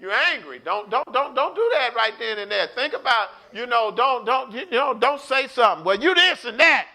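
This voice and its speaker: A high-voiced man gives an online Bible study sermon. His voice is bright and forceful, and he preaches with animation, acting out quotes and calling out to his listeners. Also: lively intonation, moderate pace, gravelly.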